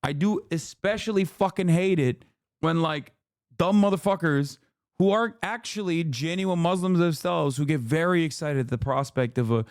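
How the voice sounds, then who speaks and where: Man, high-pitched, dry close sound, heated profane livestream rant. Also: normal speed, smooth, no echo. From Turkey. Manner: angry, profane, emphatic. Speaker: streamer reacting to videos.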